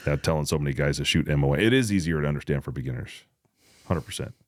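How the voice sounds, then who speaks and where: A man co-hosting a podcast in a casual chat, talking fast, joking and swearing freely. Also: a bass voice, no echo, studio quality. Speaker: podcast co-host.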